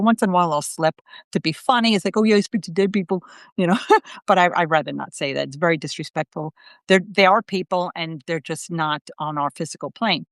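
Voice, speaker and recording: A middle-aged woman hosting a show as a psychic medium, chatting casually and telling lively stories in which she acts out the lines of the people in them. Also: fairly low pitch, no room sound. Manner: lively storyteller, acts out quotes with laughter. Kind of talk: casual conversational chat.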